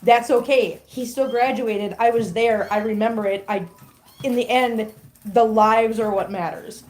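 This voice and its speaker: A middle-aged woman hosts a casual livestream with her cats, reading viewer comments aloud and cooing baby talk at her kittens. Her voice is a little high and a little mellow, with a steady tone and a slightly slow pace.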